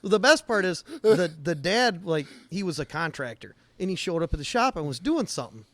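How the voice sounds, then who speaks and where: A man's voice: sits high, very animated, brisk, fairly bright tone, no room sound. A man co-hosting a casual podcast, telling rambling shop anecdotes and acting out the quotes. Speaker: podcast co-host, auto technician. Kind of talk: casual storytelling chat.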